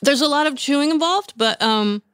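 A woman's voice: high-pitched, animated, moderate pace, fairly bright tone, dry recording. Chatty woman on a food podcast. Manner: chatty, adds stories. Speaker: podcast guest, food editor. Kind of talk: casual chat.

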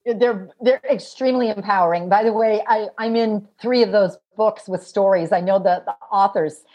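A woman's voice: medium pitch, normal speed, highs cut off. A middle-aged woman, a parenting author, telling stories in an interview and acting out the voices of the people in them. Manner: acts out voices of children and parents in her stories. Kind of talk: animated storytelling interview.

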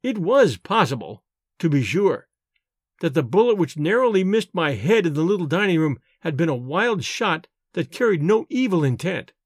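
A man narrating a novel aloud in an expressive, measured reading. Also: fairly high pitch, no echo, studio quality. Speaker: audiobook narrator.

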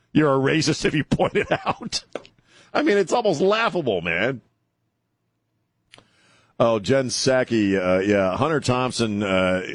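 A man's voice: lowish voice, no room sound. Sarcastic male talk radio host. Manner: sarcastic, mocking, chatty.

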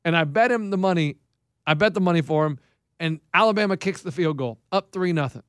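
Guy spinning a story on a podcast, kinda high voice, acts out everyone he's quoting, dead dry sound. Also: fairly quick, smooth, no room sound. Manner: animated storyteller, acts out other people's lines. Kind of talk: casual storytelling chat.

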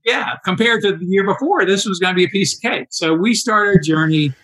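A man in his sixties telling stories in a casual interview, animated and acting out quoted dialogue. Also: high voice, brisk, rough recording. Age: 60s. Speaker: interview guest, endurance athlete.

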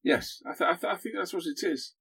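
A man guesting on a podcast, in casual chat, talking in an animated way with frequent restarts and self-corrections. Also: high voice, fast talker, creaky, breathy edge.

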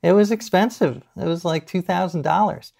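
A middle-aged man telling anecdotes as a podcast guest, animated, laughing easily and acting out what people said. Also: high-pitched, moderate pace, vocal fry. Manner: animated storyteller, laughs often, acts out quotes. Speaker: guest author. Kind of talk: casual podcast interview.

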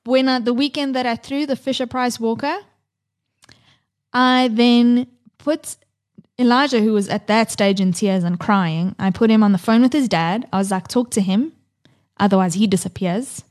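Woman in her 30s cohosting a podcast, kinda high voice, blunt and sweary. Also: normal speed. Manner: candid, swears freely, acts out her kids' voices. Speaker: podcast co-host. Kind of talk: casual chat.

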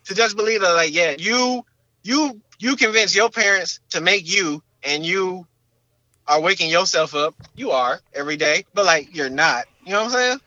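High-pitched young man, slangy and animated. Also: normal speed, dry recording, lo-fi sound. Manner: animated, slangy, repeats filler words. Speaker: podcast co-host. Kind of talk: casual podcast chat.

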